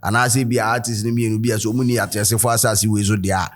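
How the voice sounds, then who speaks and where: A man's voice: fairly low pitch, level tone, quick pace. A man with a Ghanaian accent hosting a commentary video, switching between English and Twi and reading quotes aloud. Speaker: host.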